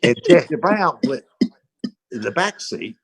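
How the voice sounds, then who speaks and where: An older man telling a casual anecdote on a video call, animated and acting out the voices of the people in it. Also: medium pitch, takes it slowly. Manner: animated storytelling, acts out voices. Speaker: comedy panel guest.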